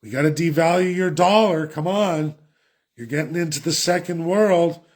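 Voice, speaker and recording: A man's voice: a little high, moderate pace, voice pushed up, lightly acted. A man voicing a stern official who makes blunt demands. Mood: bossy. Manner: bossy, demanding. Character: stern adult official lecturing a country.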